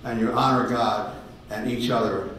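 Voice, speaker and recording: A man in his eighties giving a personal testimony sermon, halting and repeating words as he tells stories. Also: mid-range voice, fairly even intonation, fairly bright tone. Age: 80s. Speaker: guest speaker giving testimony. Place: ministry meeting room with audience. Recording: very echoey hall, distant mic, faint noise.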